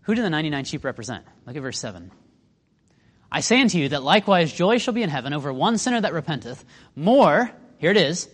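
Lively man teaching a Bible lesson. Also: fairly high pitch, in a large hall. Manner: lively, conversational, asks the listeners questions.

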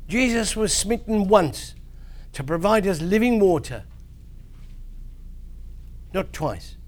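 Animated man telling kids a Bible story. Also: high-pitched, takes it slowly, long pauses. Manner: animated storytelling, loud swings in voice. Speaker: preacher to children. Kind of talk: children's Bible talk.

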